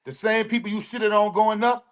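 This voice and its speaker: A man's voice: high-pitched, little pitch movement, normal speed. A man co-hosting a casual livestream podcast, blunt and profane, slipping into preachy asides. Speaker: podcast co-host.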